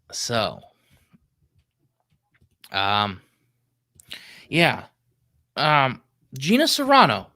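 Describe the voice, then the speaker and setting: A man's voice: medium pitch, pushed and bright. A man hosting a solo livestream, chatting casually in a rambling, profane way and getting sidetracked. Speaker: livestream host.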